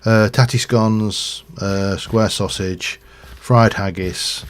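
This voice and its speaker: A middle-aged man chats loosely during a game livestream, drifting from point to point with fillers and chuckles. The voice is lowish, clear and resonant, with fairly even intonation and a slow pace.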